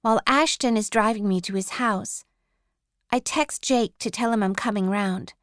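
A woman reading a first-person story aloud, slow, careful and clearly enunciated. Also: medium pitch, dry recording, clean studio sound. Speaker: audiobook reader.

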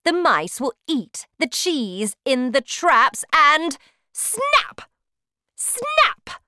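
A woman voicing a cruel, bossy female witch leader who shouts her orders with scorn, in a storybook reading. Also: sits high, huge pitch swings, extremely slow, a little hiss or hum, pitched above the performer's own voice, heavily acted. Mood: scornful, commanding. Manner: shouting, commanding, contemptuous.

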